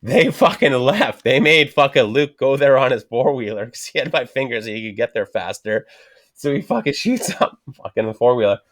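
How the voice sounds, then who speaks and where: A man in his thirties with a medium-pitched voice speaks at a normal speed as a podcast guest. He casually tells a story in a profane, animated style, swearing constantly and acting out other people's voices.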